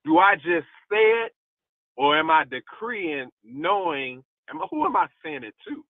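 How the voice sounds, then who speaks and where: Male preacher, lively pitch, repeats lines with emphasis; tinny dry phone-line audio. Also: moderate pace, no room sound. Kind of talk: motivational devotional talk.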